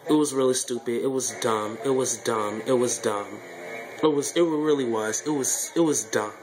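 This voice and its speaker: A man's voice: medium pitch, moderate pace, a crowd in the background, poor audio. A man giving a casual, blunt vlog review of a reality show, repeating himself a lot as he talks. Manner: repetitive, animated, blunt opinions.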